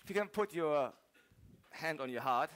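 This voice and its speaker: A man's voice: fairly high pitch, expressive, normal speed, a bit bright. A man with a German accent, a fitness trainer giving a casual, jokey talk to a live audience. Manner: chatty, jokey, laughs often.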